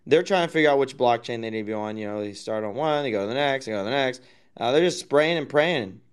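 A man swears freely and ribs his friends in casual chat. His voice is smooth and clear. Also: mid-range voice, lively intonation, quick pace. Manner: profane, mocking.

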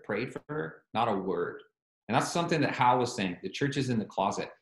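A man's voice: medium pitch, echoey room. A man preaching a sermon, telling a story with animation and quoting both sides of a phone call.

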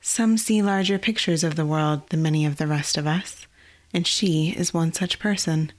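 A woman voicing a calm, wise woman druid in measured speech. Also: sits low, lightly acted.

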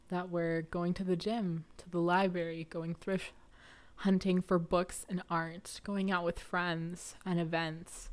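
Earnest woman sharing a personal story. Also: fairly low pitch. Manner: earnest and reflective, with soft laughs. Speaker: podcast host.

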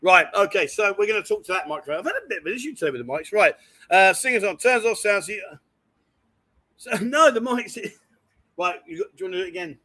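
A middle-aged man hosting a live stream from a bar, with a high voice that swings widely. His tone is bright and forward, and he keeps teasing his guests. He laughs often between questions. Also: animated, fast talker. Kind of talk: casual live-stream chat.

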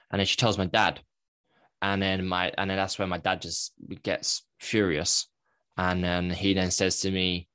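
A low-pitched man speaks as a podcast guest, telling a personal story candidly and reflectively. He often stops to correct himself mid-sentence. The sound is dry and close, with no room around it. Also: a bit bright, dry recording.

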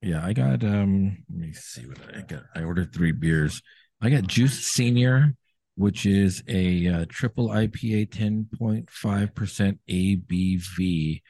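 Low husky guy on a laptop call from a brewery, rambly casual beer chat, dry close sound. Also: measured pace, no echo. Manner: relaxed, rambling, lots of fillers and restarts. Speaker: podcast host. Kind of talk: casual chat over beers. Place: brewery taproom. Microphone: laptop video call.

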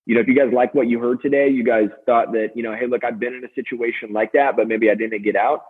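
A man's voice: mid-range voice, breathy edge. Man on a tinny phone line. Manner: fast, energetic storytelling with many fillers. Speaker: podcast guest, sales manager. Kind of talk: casual interview talk.

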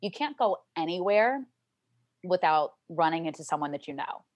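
A talkative young woman from Louisiana tells her stories in a lowish voice. The sound is close and dry, with no room around it. She jumps into high, excited voices whenever she plays her family. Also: normal speed, dry recording, lo-fi sound. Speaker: guest. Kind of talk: casual interview chat.

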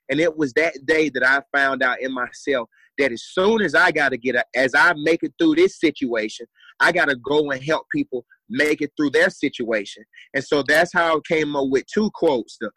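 A young adult man speaks as a podcast guest, earnest and driven, hammering home repeated phrases. His voice is bright and forceful at an ordinary pitch, recorded dry with no room sound. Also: moderate pace, husky, dry recording, rough recording. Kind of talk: motivational storytelling.

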